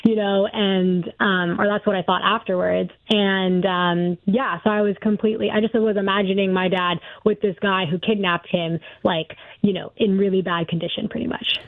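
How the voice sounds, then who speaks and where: A woman's voice: mid-range voice, steady tone, normal speed, vocal fry, hardly any pauses, no room sound. A young woman on a call-in radio show, telling her story in an earnest, hesitant way. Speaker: caller. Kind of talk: phone-in story. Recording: dry tinny phone line.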